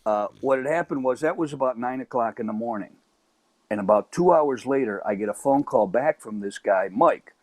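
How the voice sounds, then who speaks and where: Chicago man, mid-pitched, animated storyteller who stammers and does voices, dry close sound. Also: normal speed, no echo. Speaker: comedy podcast guest.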